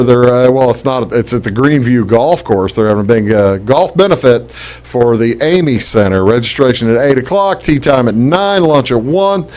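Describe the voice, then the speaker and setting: A man's voice: mid-range voice, darkish tone. A man hosts a casual local talk show in a loose, chatty way. He rambles and circles back through fillers and restarts as he reads out the weekend events.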